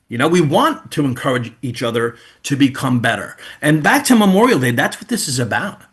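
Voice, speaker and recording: A man's voice: fairly high pitch, quick pace, hardly any pauses, slightly rough. A man in his fifties with a New York accent, hosting a webinar in casual, rambling chat. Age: 50s. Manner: animated, rambling, folksy. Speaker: webinar host.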